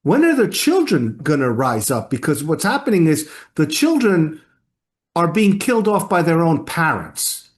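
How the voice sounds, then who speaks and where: A man's voice: on the high side, sing-song, measured pace. Indignant male radio host. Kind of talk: radio talk show conversation.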